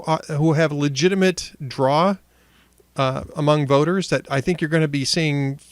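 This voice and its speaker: Chatty Midwestern man, higher voice. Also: fairly bright tone, no room sound. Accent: Upper Midwestern. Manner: chatty, jokey, many restarts. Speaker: podcast host. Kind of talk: casual political talk show.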